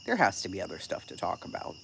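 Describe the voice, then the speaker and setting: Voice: low-pitched, huge pitch swings, fast talker, vocal fry, fairly bright tone, slight background noise. A channel host giving casual live-stream commentary and answering chat, blunt, profane and sarcastic.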